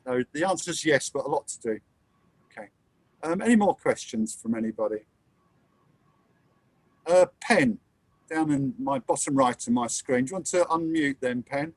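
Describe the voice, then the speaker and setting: A man's voice: mid-range voice, normal speed, dry recording. Hesitant man hosting a video call. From England. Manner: relaxed, hesitant, many fillers. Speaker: host of an online meeting. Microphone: computer mic on a video call.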